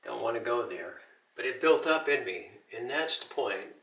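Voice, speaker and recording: A man's voice: mid-range voice, lively intonation, moderate pace, gravelly, a bit bright, echoey room, far from the mic, low-quality recording. Older male veteran, earnest testimony, recorded off-mic. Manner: earnest storytelling with Christian encouragement. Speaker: Army veteran telling his story. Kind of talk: personal testimony.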